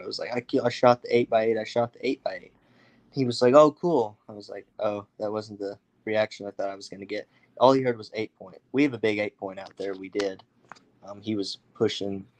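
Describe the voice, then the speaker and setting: A young man from the United States recounts a story in a casual, animated way. His voice sits a little low, and he jumps into other people's voices for the quoted lines. His talk is loose, with plenty of fillers. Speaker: guest storyteller.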